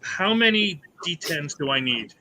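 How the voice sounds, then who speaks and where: A man's voice: a little high, animated, unhurried, pushed and bright, rough recording. A man who designs indie games chats eagerly in a convention panel, rambling with many restarts. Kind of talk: casual convention panel chat.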